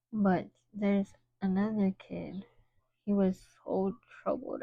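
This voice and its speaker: A woman's voice: medium pitch, no room sound, dull audio. A woman in her twenties chatting casually as a vlogger, telling an exasperated storytime full of "like" asides.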